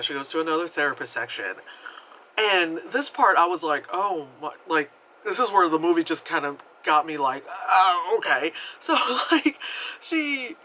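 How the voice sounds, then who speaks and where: A movie reviewer chats through a plot recap in a loose, rambling way, leaning on "like" and cursing without a second thought. The voice is bright and lively, leaping up and down in pitch. A faint hiss sits under the talk. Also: low-quality recording. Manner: rambling, filler-heavy retelling with frequent "like"; swears freely and acts out quoted characters. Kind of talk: casual movie review chat.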